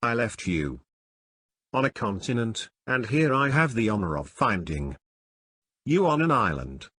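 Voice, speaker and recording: A man's voice: medium pitch, sing-song, measured pace, fairly bright tone, a little hiss or hum. A man reading the lines of a composed, formal aristocratic count in an audiobook. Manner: formal, courteous, reserved.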